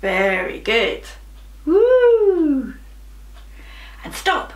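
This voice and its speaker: Lively, animated woman teacher in a roomy space. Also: high-pitched, drawn-out words. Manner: animated, encouraging, playful sound effects. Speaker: primary school drama teacher. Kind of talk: leading a children's drama game. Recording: roomy, voice from a distance, music behind.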